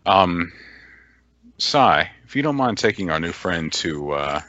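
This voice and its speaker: Man, low voice, hesitant role-play talk, dull lo-fi voice chat. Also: very animated, bright, forceful tone, no echo. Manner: halting, searching for words. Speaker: tabletop game player.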